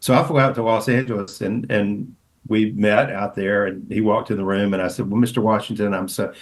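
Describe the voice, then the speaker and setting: A man's voice: fairly even intonation, brisk, poor audio. A middle-aged man, a pastor and author, telling stories as a podcast guest, rambling with many restarts. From American South. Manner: rambling, full of restarts, acts out quotes in a higher voice. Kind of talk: storytelling interview.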